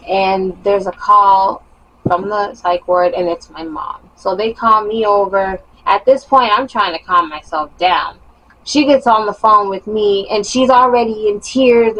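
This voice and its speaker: A young woman vlogger telling a personal story in a casual, animated monologue with emphatic rising bursts. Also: fairly high pitch, low-quality recording.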